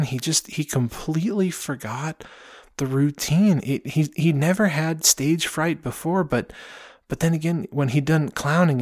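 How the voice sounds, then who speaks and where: A man tells an improvised story in his own voice, rambling, restarting and filling pauses. His voice sits at an ordinary male pitch. The recording is close and dry. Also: dry recording. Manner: rambling, many fillers and restarts.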